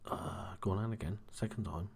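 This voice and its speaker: Young male gamer, very low voice, kept quiet and casual late at night. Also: normal speed, gravelly, husky. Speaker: gaming commentator. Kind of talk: casual let's-play commentary.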